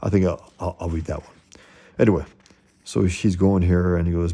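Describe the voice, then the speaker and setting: A man rambles through an opinionated, casual commentary, halting and restarting as he drifts off on tangents. His voice is very low, dark and gravelly, with a husky edge. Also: steady tone. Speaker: comics commentator.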